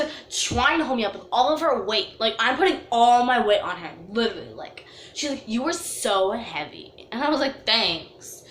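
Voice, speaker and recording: A woman telling a storytime vlog story in an animated, dramatic way, full of "like" fillers. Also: fairly high pitch, slight background noise. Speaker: vlogger. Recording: echoey room.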